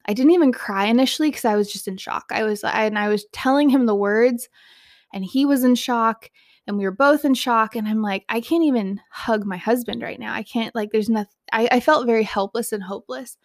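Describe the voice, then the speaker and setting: A young woman with a high, light voice shares a painful loss to camera. She is tearful and heartfelt, breaking off and restarting as she speaks. The sound is close and dry, with no room around it. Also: no echo. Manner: open and heartfelt, with soft laughs and halting restarts. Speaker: mother sharing a personal loss. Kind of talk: personal storytelling to camera.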